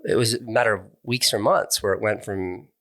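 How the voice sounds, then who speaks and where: A man's voice: on the low side, fairly even intonation, fairly quick, a bit bright. A middle-aged man speaking as an interview guest, candid and thoughtful, often restarting his words as he reflects. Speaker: interview guest, online video creator.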